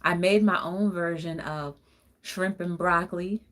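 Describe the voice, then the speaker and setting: A woman's voice: fairly low pitch, fairly even intonation, unhurried, fairly bright tone. A woman hosting a casual livestream talk show, chatty and encouraging, with sing-song greetings and easy laughter.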